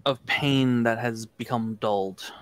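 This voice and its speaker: A man narrating a tabletop game as game master, in a slow, reflective, deliberate way. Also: medium pitch, fairly bright tone, no room sound.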